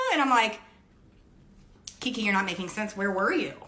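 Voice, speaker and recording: A woman telling a story in a casual, animated way, swearing often and acting out her coworkers' lines. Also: mid-range voice, heavy background noise. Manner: animated, swearing, jumps between hushed aside and loud outbursts.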